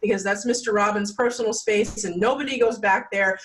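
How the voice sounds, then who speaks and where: A woman talks through her story in a relaxed, chatty way. She fills it with "like" and acts out what people said. Her voice sits at a middling pitch and a little away from the microphone. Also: brisk, distant mic, poor audio. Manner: chatty, many "like" fillers, acts out quotes. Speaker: podcast guest. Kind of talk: casual storytelling interview.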